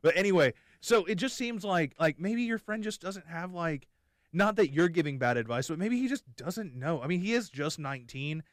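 A man's voice: fairly high pitch, animated, normal speed, dry recording, clean studio sound. A young man hosting a podcast in casual chat, rambling and joking with many restarts. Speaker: podcast host.

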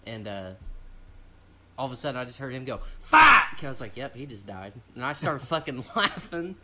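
A young man co-hosting a podcast, telling a rambling story in casual chat with loud laughs and swearing. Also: medium pitch, expressive, brisk, background noise. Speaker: podcast co-host.

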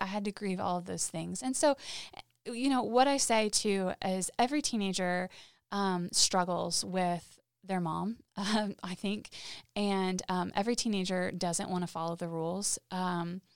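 A woman guest telling personal stories in an interview, halting and heartfelt, with frequent restarts. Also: mid-range voice, fairly even intonation, smooth, no echo, studio quality. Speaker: podcast guest. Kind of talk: candid interview storytelling.

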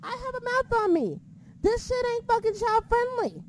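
A woman's voice: extremely high pitch, expressive, normal speed, background noise. A woman co-hosting a casual wrestling podcast, blunt and heavily profane as she rants about the show and her critics. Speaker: podcast co-host.

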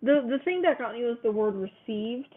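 A woman with a somewhat raised voice reads quiz questions aloud in a relaxed chat with a friend, laughing often. Her sound is narrow and tinny, as if heard over a phone line. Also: a little high, moderate pace. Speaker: co-host.

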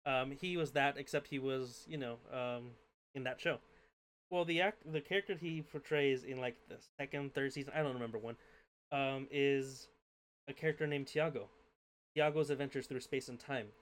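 Smooth-voiced man rambling casually. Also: medium pitch, normal speed. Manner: rambling, hesitant, full of fillers. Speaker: podcast co-host and game master. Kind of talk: casual chat.

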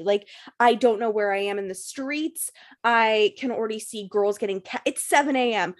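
A young woman with a slightly high voice, speaking a little slowly, rattles through a story in a casual podcast chat as a string of breathless, jumbled clauses. She curses constantly and drops "like" into almost every phrase.

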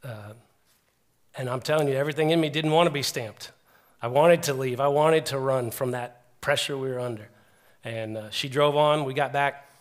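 A middle-aged man preaching a sermon, earnest and animated, with frequent restarts as he retells stories. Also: mid-range voice, normal speed.

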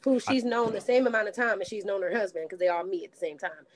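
A woman co-hosting a podcast, retelling a reality show in casual chat, blunt and animated with cursing. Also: mid-range voice, fast talker, no echo. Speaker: podcast co-host.

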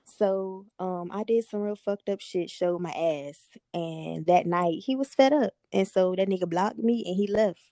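A young woman hosting a podcast, telling a personal story in a candid, profane, animated way. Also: medium pitch, unhurried, hardly any pauses, dry recording, clean studio sound. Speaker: podcast host. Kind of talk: casual storytelling chat.

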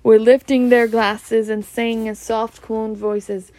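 A woman with a Scottish accent reading a storybook aloud in Scots, slowly and evenly, with some slips and restarts. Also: on the high side. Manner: slow, even, with slips and restarts. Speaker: reader.

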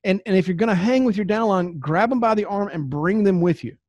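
A man's voice: high voice, fairly quick, a little mellow, no echo. A middle-aged man giving a folksy, preachy sales training talk, laughing at his own asides. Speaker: network marketing trainer. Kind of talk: motivational training talk to camera.

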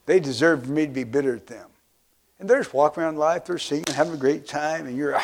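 A man preaching a sermon as pastor, filling pauses with "uh" and calling for amens. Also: on the high side. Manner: preaching with frequent "uh" fillers, asking for amens.

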